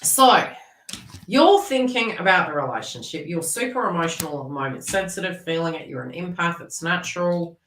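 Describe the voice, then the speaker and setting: A woman's voice: lowish voice, expressive, moderate pace, fairly bright tone, slight background noise. A middle-aged woman giving a psychic reading to a viewer, chatty and blunt with laughter and mild swearing. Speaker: psychic reader. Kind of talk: casual spoken reading to a viewer. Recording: echoey room, far from the mic.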